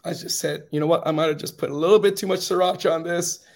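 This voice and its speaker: A man with a fairly high, gravelly voice tells his own story as an interview guest. He speaks earnestly, dropping quiet and grave in the hard moments and rising to rousing encouragement. A slight rasp runs through his voice. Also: fairly even intonation, fast talker. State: slightly raspy. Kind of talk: telling a personal story.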